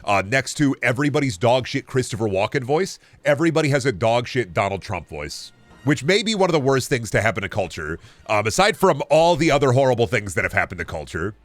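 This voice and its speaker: A young male game streamer rambles through casual chat, cursing freely and answering viewers. His voice sits in a middle pitch but leaps high and drops low again and again. He is close to the mic, with a dry, unechoing sound. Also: big pitch swings, a little fast, no room sound. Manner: rambling and profane, reacting to chat. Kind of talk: casual live-stream chat while gaming.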